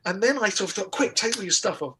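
A man telling a comic anecdote in a lively, casual way, with restarts and laughter. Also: sits high, quick pace, slightly rough. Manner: animated storytelling with laughter and restarts. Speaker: guest comedian. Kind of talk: casual anecdote on a talk show.

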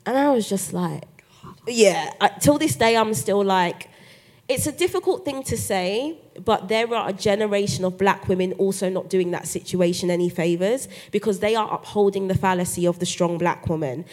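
Animated woman telling a story. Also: medium pitch, normal speed. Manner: animated storytelling, acts out quoted voices. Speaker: guest author. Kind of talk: live podcast interview. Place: live festival stage.

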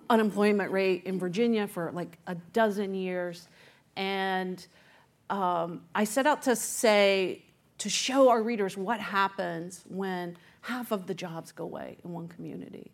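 A woman author and journalist recounting how she found a story, chatty and animated, with many fillers. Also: medium pitch. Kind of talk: conversational storytelling interview.

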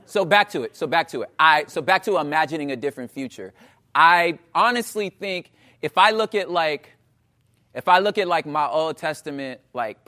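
Casual slang-heavy preacher, a man in his thirties, pitched high, talks like chatting with friends. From Los Angeles area. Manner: animated, slangy, asks the crowd "you know what I'm saying". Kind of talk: conversational sermon.

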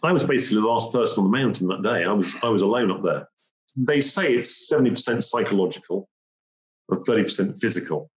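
Speaking fast with lively intonation, a man with a fairly low voice recounts a personal story in vivid detail. He repeats phrases and acts out the moments he describes, and the recording has a roomy, dull, lo-fi quality.

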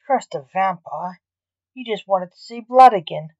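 A woman voicing a curt, weary male magician who works as a coroner, with sharp, clipped retorts, in a storybook reading. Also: fairly high pitch, expressive, measured pace, no room sound, dull audio, voice pushed up. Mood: snappish.

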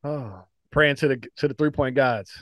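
A man, a former pro basketball player, telling lively stories in a casual podcast chat, with lots of "like" fillers and laughter. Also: medium pitch, normal speed, no echo. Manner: animated storytelling, frequent "like" fillers and laughs.

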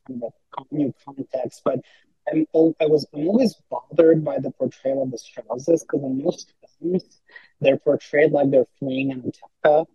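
Husky-voiced man rambling in casual chat. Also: medium pitch, fairly even intonation, normal speed, mellow, no echo, dull audio. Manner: rambling, many fillers and restarts. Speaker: podcast guest.

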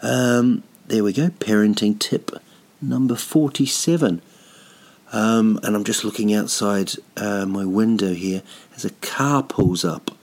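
Indoors at home, a man who works as a touring comedian talks in a low, steady voice, a little slow but with few pauses. His casual monologue wanders, peppered with ums and dry self-mocking humour.

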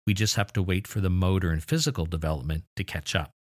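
A man with a very low voice hosts an educational podcast in a dry, close-miked recording. He explains clearly and eagerly, throwing in mildly exasperated asides. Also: fast, dry recording. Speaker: podcast host.

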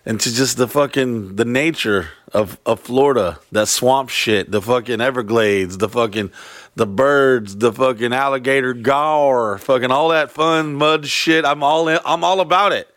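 A man's voice: mid-range voice, moderate pace, fairly bright tone, dry recording. Profane rambling man, dry close sound. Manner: profane, rambling, jokey storyteller. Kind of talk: casual storytelling chat.

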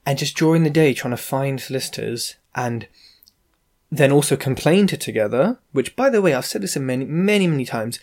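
A man hosting a podcast, ranting in an animated, sarcastic and exasperated way. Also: medium pitch. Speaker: podcast host, property investor. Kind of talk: casual ranting monologue.

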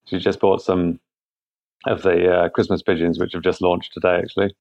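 Brief: man as an interview guest, very low and gravelly, unhurried and halting, heard over muffled remote call audio. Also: flat delivery, darkish tone. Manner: thoughtful, halting, frequent restarts. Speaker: guest, product founder. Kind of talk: conversational interview answers.

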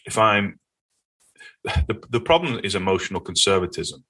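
A man with a Northern English accent, a guest in an interview, telling stories in an earnest, animated way. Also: sits low, normal speed. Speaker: podcast guest. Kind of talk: conversational interview.

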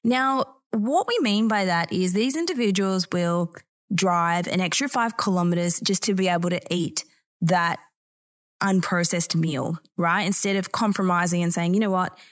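A woman's voice: lowish voice, normal speed. Woman hosting an educational podcast. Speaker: podcast host. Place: Bali.

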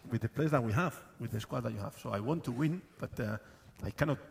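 A man, a football club manager, answering questions on stage at a live event, halting with many fillers and often laughing. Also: medium pitch, gravelly, slight background noise.

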